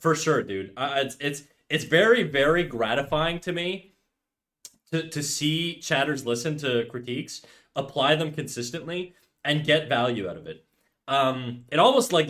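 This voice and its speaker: A man in a relaxed livestream chat who rambles openly with his viewers and keeps saying "dude". His voice sits at an ordinary middle pitch, and he talks close to a desk mic. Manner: rambling, candid, says "dude" a lot. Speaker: streamer and artist.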